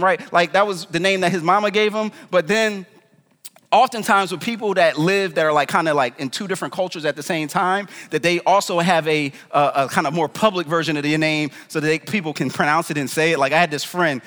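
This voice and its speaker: A man's voice: high voice, bright, forceful tone, big-room sound. A man preaching a sermon as pastor in a casual, slangy, conversational way, in a church. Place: church in New York.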